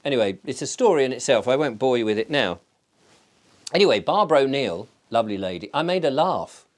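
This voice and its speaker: A man's voice: medium pitch, very animated, fairly quick. Chatty, rambling male vlogger. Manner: digressive storyteller, chatty with many fillers. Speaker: channel host. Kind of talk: casual rambling vlog chat.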